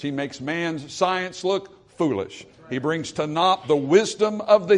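A male pastor preaching a sermon, swinging from forceful emphasis to hushed, quiet lines. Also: a little high, takes it slowly, few pauses.

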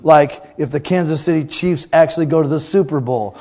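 A man preaching a sermon to a congregation, playful and teasing, swinging from loud outbursts to quiet asides. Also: on the high side, moderate pace, few pauses, noisy background.

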